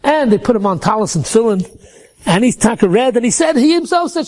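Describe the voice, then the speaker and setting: High-voiced male storyteller. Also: quick pace. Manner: animated, repeats words when restarting. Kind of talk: told religious story.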